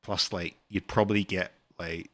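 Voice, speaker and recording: A man's voice: deep voice, fairly even intonation, moderate pace, a bit bright, no echo. A British man, a game developer, answering chat questions in a rambling, casual livestream Q&A full of ums and uhs.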